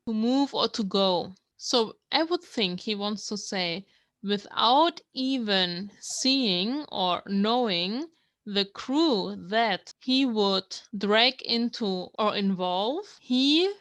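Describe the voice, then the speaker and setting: A woman from Germany with German as her first language talks slowly; her voice is a little high and a bit bright, with no room sound. As a language learner instructing viewers, she patiently explains each word and reads lines aloud in an explanatory lesson.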